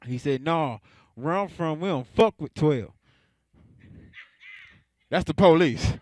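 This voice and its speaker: A man's voice: fairly high pitch, expressive, slow, no room sound. A young adult man doing a stand-up comedy set, laid-back, chuckling between jokes and drawing out his punchlines.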